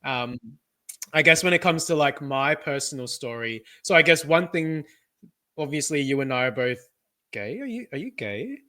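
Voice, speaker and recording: A man's voice: a little high, lively intonation, normal speed, pushed and bright. A young man co-hosting a casual podcast, telling personal stories in a chatty way and laughing often. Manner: chatty storyteller, laughs often, acts out relatives' voices. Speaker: podcast co-host. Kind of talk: casual chat.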